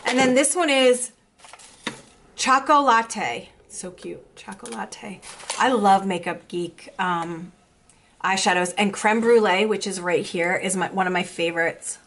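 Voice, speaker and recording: A young woman vlogger chatting casually as she unboxes makeup, gushing and excitable. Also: mid-range voice, moderate pace, a little hiss or hum. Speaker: beauty vlogger.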